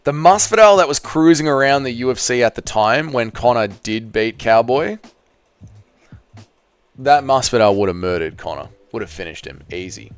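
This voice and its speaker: A man's voice: mid-range voice, animated, moderate pace, clear, resonant tone, no room sound, faint music behind. A man hosting a casual livestream, reading out viewer comments and answering in a blunt, sarcastic way while swearing freely. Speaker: livestream host.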